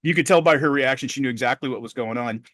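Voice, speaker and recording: A middle-aged man co-hosting a podcast, telling a story in a profane, animated way. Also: mid-range voice, fast talker, dry recording, clean studio sound. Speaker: podcast co-host. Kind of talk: casual podcast chat.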